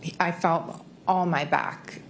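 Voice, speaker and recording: A woman's voice: lowish voice, fairly even intonation, slow, creaky, a little hiss or hum. A woman giving courtroom testimony with brief, hesitant answers. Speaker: trial witness.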